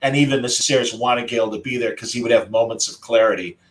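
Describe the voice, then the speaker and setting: A podcast host leads a casual group chat, telling a story with the delivery of a former radio broadcaster. His medium-pitched voice moves quickly, and his manner is warm and conversational as he recalls it. The recording quality is low.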